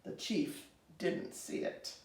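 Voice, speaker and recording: A woman reading a children's storybook aloud in an expressive, animated way. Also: slow pace, recorded from a distance. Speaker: storybook reader. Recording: roomy, reader away from mic.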